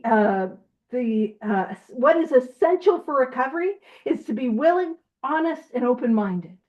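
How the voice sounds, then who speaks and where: A fairly high-voiced woman leads a group study over an online call, reading passages aloud and breaking in with emphatic, joking asides. Her audio is a bit dull and lo-fi. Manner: animated and emphatic, jokey asides.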